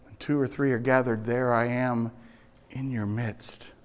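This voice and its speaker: A man preaching a sermon. He swings from hushed, low phrases to loud, emphatic ones and stretches out key words slowly. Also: flat delivery, clean tone. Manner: dramatic swings between soft and loud, slow emphatic phrasing. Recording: long reverb of a large hall.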